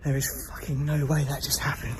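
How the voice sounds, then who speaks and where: A man creeps through an empty building at night, talking in hushed whispers and cursing under his breath. His voice is of middling pitch and comes through a handheld camera mic, with a faint hiss underneath. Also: little pitch movement, brisk. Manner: whispering, frightened, swearing often. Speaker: solo paranormal explorer. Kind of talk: whispered handheld exploration commentary. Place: abandoned building at night, indoors.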